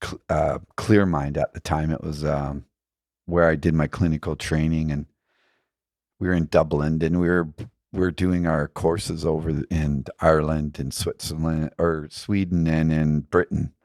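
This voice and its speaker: Give me a very deep, gravelly man musing as a podcast guest, dry and close. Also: little pitch movement, unhurried, a little mellow, dry recording. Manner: musing, frequent "you know" fillers. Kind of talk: reflective conversational storytelling.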